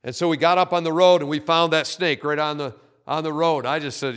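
A male pastor delivering a sermon in a storytelling manner, his voice sitting somewhat high for a man. He talks in an animated way, stacking repeated words and phrases for emphasis. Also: brisk, smooth.

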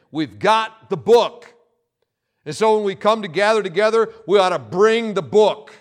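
A male pastor preaching a sermon, emphatic and insistent, repeating key phrases and pausing for effect. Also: on the high side.

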